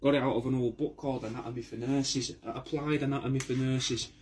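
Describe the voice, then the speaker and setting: A man's voice: mid-range voice, steady tone, a little fast, darkish tone, slight background noise. A man rambling casually to camera in a comedic monologue, full of restarts, swearing and "mate". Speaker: comedy vlogger playing a taxidermist.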